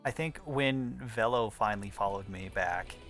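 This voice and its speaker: A man's voice: on the low side, normal speed, fairly bright tone, soft background music. Wry rambling streamer guy. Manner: rambling, wry, swears casually. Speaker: speedrunner streamer. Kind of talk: casual stream commentary. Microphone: desk microphone.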